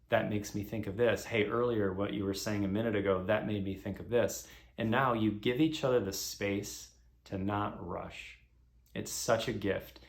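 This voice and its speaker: A man in his thirties giving calm, earnest relationship advice in a slow, deliberate reflective monologue. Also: fairly low pitch, vocal fry. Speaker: speaker sharing relationship advice. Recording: echoey room.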